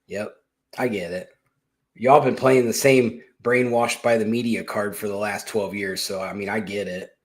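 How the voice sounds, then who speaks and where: A man's voice: on the low side, fairly even intonation, moderate pace. A man hosting a casual political commentary show, talking in a blunt, sarcastic, rambling way and cursing freely. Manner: sarcastic, blunt and mocking, with swearing; rambling with restarts and asides. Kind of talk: casual opinion monologue.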